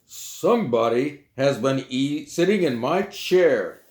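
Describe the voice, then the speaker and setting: Grumbling great big papa bear, slow emphasis, read by a man, roomy echo. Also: medium pitch, animated, voice pushed up. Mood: indignant.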